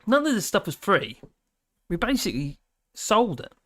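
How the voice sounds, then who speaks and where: A man's voice: high voice, sing-song, moderate pace, no echo. A man hosting a casual livestream, reading viewer comments aloud and rambling with many fillers and restarts. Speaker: livestream host.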